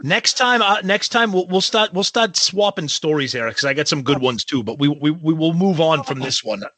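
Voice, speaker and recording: A man's voice: on the high side, animated, normal speed, bright, forceful tone, dry recording. A man co-hosting a podcast, teasing his partner with profane banter in casual chat. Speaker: podcast co-host.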